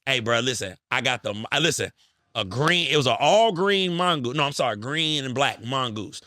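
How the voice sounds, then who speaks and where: A man in his thirties hosting a podcast, telling stories in an animated, profane, bantering way. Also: mid-range voice, moderate pace, dry recording, studio quality. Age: 30s. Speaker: podcast host. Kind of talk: casual podcast chat.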